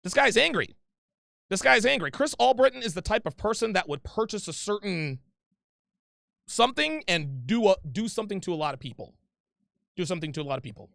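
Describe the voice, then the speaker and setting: Man, livestream host, profane confrontational rant, high voice, very lively pitch. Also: fairly quick, vocal fry, no echo, studio quality. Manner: profane, confrontational, repeats himself. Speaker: livestream host reading super chats.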